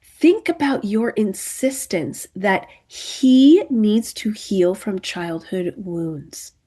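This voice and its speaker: Woman marriage coach, middle-aged, emphatic, repeats herself, slows on key words, mid-pitched voice. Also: animated, dark tone, breathy edge. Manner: emphatic, repeats "okay" and "do you see it", slows to stress words. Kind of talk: direct-to-camera coaching talk.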